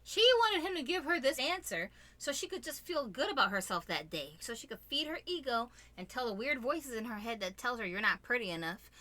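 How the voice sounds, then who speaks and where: A woman's voice: on the high side, sing-song, brisk, hardly any pauses, bright, forceful tone, dry recording. A woman co-hosting a casual commentary chat with her husband, blunt and opinionated, scolding viewers. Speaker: co-host.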